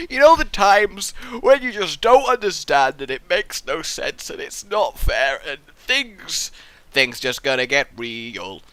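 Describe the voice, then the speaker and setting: A young man hosting a gameplay video, rambling through excitable, goofy commentary and swearing freely. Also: sits high, dry recording. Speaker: let's play host.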